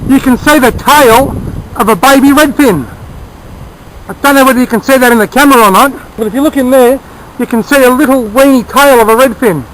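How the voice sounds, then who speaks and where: A man's voice: extremely high pitch, a little fast, fairly bright tone, slight background noise, low-quality recording. A man chatting enthusiastically as he fishes by a small creek outdoors, explaining his gear and sharing tips. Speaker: fishing vlogger. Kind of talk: casual outdoor narration.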